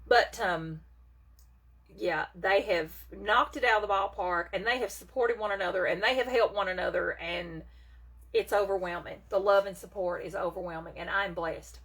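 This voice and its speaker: Chatty woman, bright voice. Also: medium pitch, moderate pace, breathy edge. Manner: chatty, folksy, reads out viewer comments. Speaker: makeup seller on a live stream. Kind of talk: casual live-stream chat.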